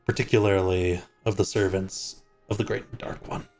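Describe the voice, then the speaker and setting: A man narrating as game master of a tabletop game, in a relaxed, easygoing way. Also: sits low, normal speed, soft background music.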